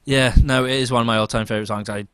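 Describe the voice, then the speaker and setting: Fast-talking, gushing podcast co-host, a man. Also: medium pitch, fairly even intonation, a bit bright, clean tone. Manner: enthusiastic, gushing fan talk. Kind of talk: casual podcast chat.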